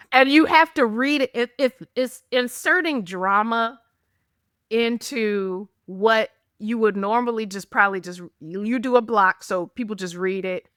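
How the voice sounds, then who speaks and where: A woman co-hosting a podcast in casual, animated chat, laughing often and acting out the texts she quotes. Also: medium pitch, clear, resonant tone, no echo, studio quality. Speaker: podcast co-host.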